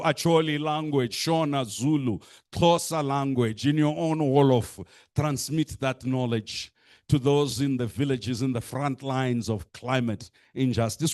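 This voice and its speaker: A man's voice: medium pitch, dry recording, clean studio sound. A man giving an impassioned speech to a youth assembly, rhetorical and emphatic, repeating phrases and listing points for effect. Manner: deliberate, emphatic pacing with lists. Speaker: speaker addressing a youth assembly.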